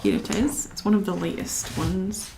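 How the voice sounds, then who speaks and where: A young woman from Scotland hosts a relaxed live stream, chatting unhurriedly as she colours. Her voice carries a gravelly, creaky fry at a middle pitch. She reads out viewer comments and mutters to herself about her work. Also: normal speed, in a whisper. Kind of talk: casual live-stream chat while colouring.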